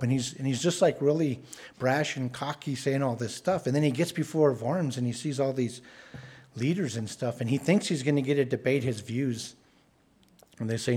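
A man's voice: mid-range voice, normal speed, a little mellow, breathy edge. A man preaching a sermon in an earnest, conversational way, often restarting his words.

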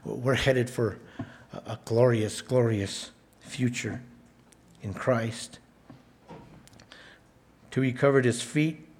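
A male pastor delivering a sermon in a measured, emphatic way. He leans on repetition to drive his points home, and his voice sits at an ordinary pitch for a man. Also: a little mellow. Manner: emphatic, repeats words for stress, measured delivery.

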